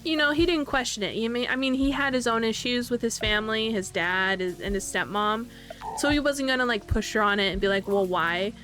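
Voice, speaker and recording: Chatty woman, fairly high voice. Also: fairly quick, a bit bright, a little hiss or hum. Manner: chatty, many fillers and tag questions. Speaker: channel host. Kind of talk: casual storytime narration of a life-sim game.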